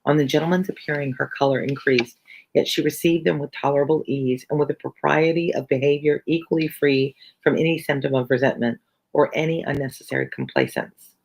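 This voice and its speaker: Gravelly teacher reading a novel aloud. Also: medium pitch, expressive, fairly quick, poor audio. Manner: chatty asides between passages. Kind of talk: reading a novel aloud on a live stream, chatting with viewers.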